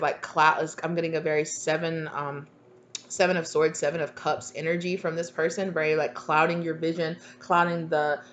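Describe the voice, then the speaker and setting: A woman's voice: low-pitched, a little hiss or hum. A woman giving a casual, rambling channeled tarot reading, full of "like" and "okay". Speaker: tarot reader.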